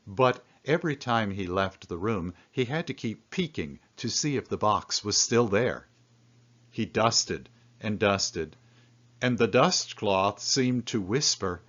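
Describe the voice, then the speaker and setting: A man reads a children's storybook aloud at a slow, easy pace. His voice is fairly low and rises and falls a lot as he tells the tale. The recording sounds dull and lo-fi. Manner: slow, expressive storytelling with lively pitch swings. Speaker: storybook reader.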